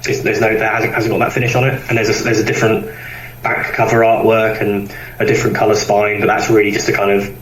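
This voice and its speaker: A man talks at length in a relaxed podcast chat, circling back with fillers and restarts. His low voice sits at a distance from the mic in a roomy, echoing space, and a faint hiss runs under it. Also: fast. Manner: rambling, with many fillers and restarts. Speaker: guest comic publisher.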